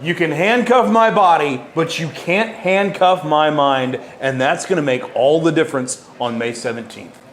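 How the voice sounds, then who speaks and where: A man's voice: a little high, normal speed, few pauses. A man speaking as a wrestling manager, cutting a smug, self-important promo in an echoey room. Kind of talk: boastful heel wrestling promo.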